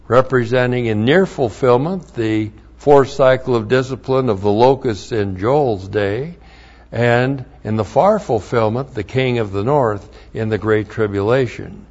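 A man's voice: mid-range voice, measured pace, a little mellow, lo-fi sound. A man teaching scripture verse by verse, reading passages aloud with emphasis and spelling out Hebrew words letter by letter. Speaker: Bible teacher.

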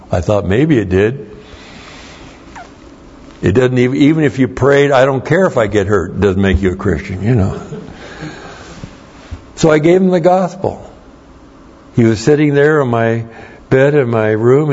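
A man's voice: medium pitch, darkish tone, breathy edge, highs cut off. A man preaching a sermon in a plain, conversational way, telling stories from his life in between teaching points. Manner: conversational, plain-spoken storytelling. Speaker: pastor. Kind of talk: sermon with anecdotes.

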